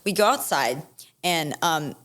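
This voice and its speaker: A woman's voice: deep voice, a little slow. A young woman telling a story in casual chat, acting out quoted lines with a shifting voice. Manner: animated, acts out quotes with shifting voice. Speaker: podcast guest.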